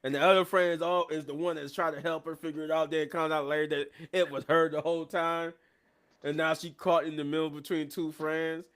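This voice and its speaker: A man hosting a live show, retelling events in a casual, animated recap and acting out the quotes. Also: fairly high pitch, fairly quick.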